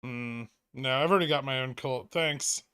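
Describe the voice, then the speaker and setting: A man hosts his own trading livestream, reading viewer messages aloud and answering them in a dry, offhand manner. His voice sits at a middling pitch, and the mic is close, with no room sound at all. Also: moderate pace, pushed and bright, smooth, no room sound. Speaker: livestream host. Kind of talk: casual chat reading viewer questions.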